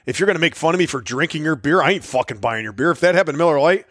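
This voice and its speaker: A man's voice: on the high side, lively intonation, racing, a bit bright, no room sound, clean studio sound. A man co-hosting a casual podcast, telling stories, swearing freely and riffing on the topic. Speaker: podcast co-host. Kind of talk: casual chat.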